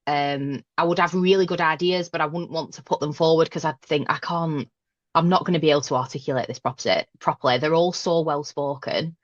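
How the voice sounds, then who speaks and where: A woman's voice: sits low, fairly even intonation, brisk, no room sound, lo-fi sound. A woman with a broad Lancashire accent from Burnley, a guest in a casual interview chat, frank and self-deprecating. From Burnley, Lancashire, England. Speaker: podcast guest, manager.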